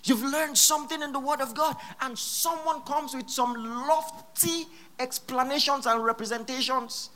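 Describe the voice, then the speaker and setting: A pastor preaching a sermon in church, emphatic and repeating key phrases, with sudden loud exclamations. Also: mid-range voice, slight background noise.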